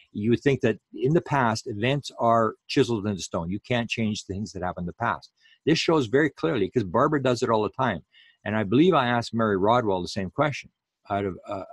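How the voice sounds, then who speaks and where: A man's voice: medium pitch, husky, dry recording. A man giving an online lecture, talking unhurriedly with many fillers and restarts.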